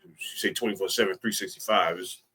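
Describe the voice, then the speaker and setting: A man's voice: low-pitched, steady tone, fairly quick, sharp tone, husky. A man leading an informal teaching talk, speaking emphatically and repeating his key phrases.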